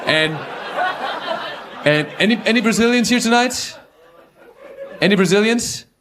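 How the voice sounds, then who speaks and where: A German man with a German accent doing stand-up comedy and crowd work on a club stage, animated and mocking as he riffs with the audience. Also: high-pitched, measured pace. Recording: live club recording, clear crowd noise.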